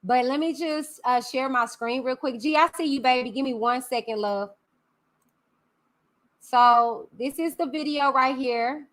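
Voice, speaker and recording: Woman, live-stream host, chatty, high voice, video call. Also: a little slow. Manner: chatty and warm with viewers.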